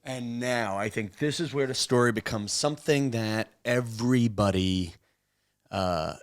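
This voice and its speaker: A man hosts a casual interview, trading jokes and asking his guest pointed questions. His voice is of middling pitch and conversational. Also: measured pace. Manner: wisecracking, asks pointed questions. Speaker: talk show host.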